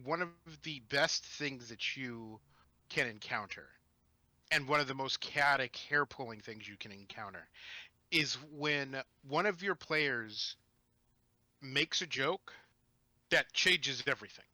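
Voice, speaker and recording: A man telling a story from his tabletop game as a podcast guest, animated and rambling with restarts. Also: medium pitch, measured pace, dry recording. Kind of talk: casual storytelling chat.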